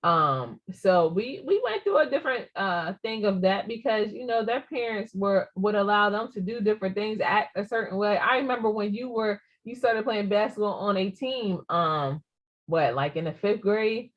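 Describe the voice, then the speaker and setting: A middle-aged woman co-hosting a casual podcast chat, animated and quick to laugh, making playful mock threats as a mother. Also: mid-range voice. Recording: slightly dull lo-fi audio.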